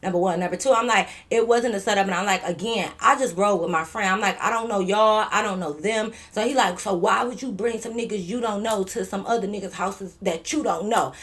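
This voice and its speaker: A woman spins a casual storytime, slangy and profane. She jumps between her own telling and quoted voices, getting louder and softer as she goes. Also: mid-range voice, a little fast, few pauses. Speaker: vlogger.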